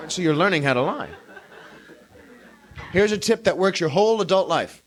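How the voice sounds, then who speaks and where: A man in his thirties performing a live stand-up routine, with an animated, exaggerated delivery and acted-out quotes. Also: high voice, normal speed. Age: 30s. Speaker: stand-up comedian. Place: comedy club stage with audience. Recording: hissy early-1980s live club recording.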